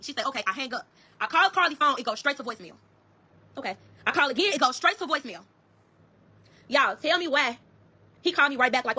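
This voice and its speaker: A woman telling her own story to viewers in a rapid, heated, profane way. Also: high voice, lively intonation, sharp tone. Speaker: storyteller in a social media clip.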